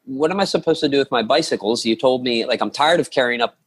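A man's voice: medium pitch, quick pace, husky. A man casually telling a long story, acting out the people in it and restarting often. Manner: animated storytelling with many restarts. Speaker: storyteller guest. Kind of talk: casual chat.

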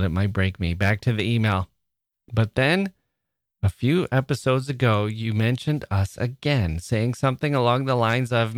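A man hosting a podcast, reading listener mail in a chatty, playful way, often laughing and getting excited. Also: fairly low pitch, no echo, clean studio sound. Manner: emotional, excitable. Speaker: podcast host. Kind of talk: reading listener mail aloud, casual monologue.

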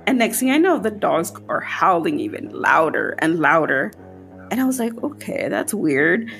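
A woman podcast host telling a personal spooky story in casual chat, her voice jumping high when she quotes herself. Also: very animated, normal speed, gravelly, fairly bright tone, soft background music.

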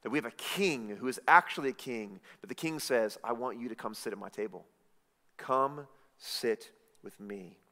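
A man preaching a sermon, swinging from loud emphatic lines to hushed, intimate ones. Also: medium pitch, normal speed. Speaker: pastor. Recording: reverberant hall.

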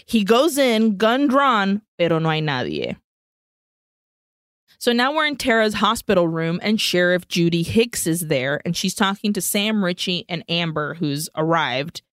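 A woman's voice: lowish voice, lively intonation, unhurried, fairly bright tone, dry recording, clean studio sound. A woman co-hosting a podcast, retelling a film scene by scene in a casual, profane way and slipping Spanish phrases in. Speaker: podcast co-host. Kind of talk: casual movie recap chat.

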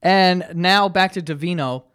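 A man with a slightly high voice chats casually on a podcast, joking and swearing as he tells stories. He is recorded dry and close with no room sound. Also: measured pace, fairly bright tone, smooth, no echo. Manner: loose, joking storytelling with profanity. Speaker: podcast host. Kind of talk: casual chat.

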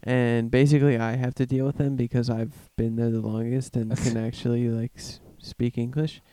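Smooth-voiced young guy, rambling. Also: mid-range voice, little pitch movement, mellow, no echo. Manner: rambling, halting storyteller with many "like"s. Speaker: podcast co-host. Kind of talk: casual chat. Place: outdoors with friends.

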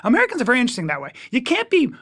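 Animated man in his fifties, high voice. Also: dry recording, clean studio sound. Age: 50s. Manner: animated, joking, quick asides and restarts. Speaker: comedian guest. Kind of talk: casual chat.

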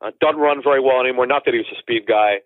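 Calling in over a dry, tinny phone line, this football insider is a man in his forties whose medium-pitched voice comes rapid-fire with no room sound. He rambles through casual stories for the interview, restarting often and wandering into asides.

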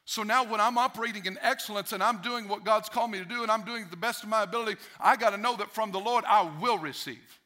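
A man's voice: high-pitched, quick pace, few pauses, pushed and bright. A male pastor preaching a sermon emphatically, repeating key phrases for effect.

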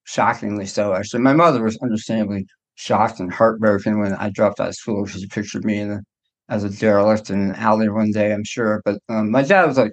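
A man's voice: on the low side, fairly even intonation, brisk. A middle-aged man, a doctor, telling his own story in a candid interview in a reflective way, often restarting his sentences. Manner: reflective, with frequent restarts and hedges. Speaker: guest, doctor.

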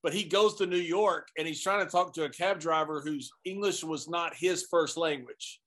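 A man's voice: fairly high pitch, moderate pace, a bit bright. A man in a casual podcast chat, telling stories in a friendly way with a chuckle and passing on advice.

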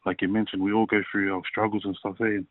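A man in his thirties, a rugby league player, telling his personal story in a casual interview, halting and full of fillers. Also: fairly low pitch, little pitch movement, no echo. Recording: tinny phone-like line.

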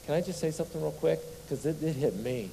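A man's voice: a little high, quick pace, gravelly, dark tone, slight background noise. A man preaching a sermon as a pastor, leading his congregation in call-and-response and firing rhetorical questions at them. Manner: asks rhetorical questions to the crowd. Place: church sanctuary. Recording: long hall reverb.

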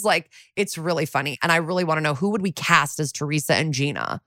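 Chatty woman podcast co-host, lowish voice. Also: sharp tone, dry recording, studio quality. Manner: chatty, rapid recap with many fillers and voiced quotes. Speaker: podcast co-host recapping episodes. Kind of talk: casual chat.

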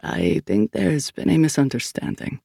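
A man reading an audiobook, voicing a deep-voiced, older male priest who explains things in a measured, calm way. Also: vocal fry, breathy edge, no echo, clean studio sound, exaggerated voice.

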